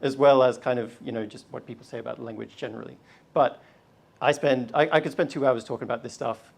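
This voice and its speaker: Man, gravelly voice, energetic live talk, call-and-response with a crowd. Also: medium pitch, fast. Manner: energetic, leads audience in call and response, casual fillers. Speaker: research slam presenter. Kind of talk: live public talk leading audience chants. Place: university event hall.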